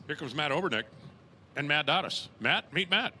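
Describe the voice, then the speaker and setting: Slight background noise accompanies a drag race announcer whose slightly high voice sounds pushed, bright, and expressive at a moderate pace. Between runs he chats with jokes and puns, and he raises his voice during launches and finishes.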